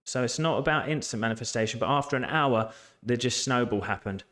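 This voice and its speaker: A man's voice: medium pitch, brisk, fairly bright tone. A man working as a life coach, talking to camera in an earnest, emphatic way and repeating key phrases. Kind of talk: motivational talk to camera.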